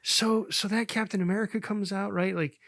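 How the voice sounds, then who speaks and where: A man's voice: high-pitched, steady tone, a little fast, creaky, a bit bright, no room sound. A man co-hosting a casual comedy podcast, stumbling through many fillers and restarts. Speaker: podcast co-host.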